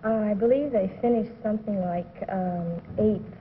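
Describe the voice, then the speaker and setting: A woman's voice: medium pitch, normal speed, slight background noise. A woman contestant on a 1950s TV game show, giving tentative short answers. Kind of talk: answering quiz questions. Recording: tinny 1950s TV broadcast.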